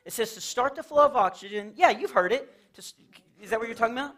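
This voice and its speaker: Speaking fast with an extremely high, fairly bright voice, a man from Texas entertains a church audience in a fellowship hall. His stand-up is chatty and playful, full of silly character voices.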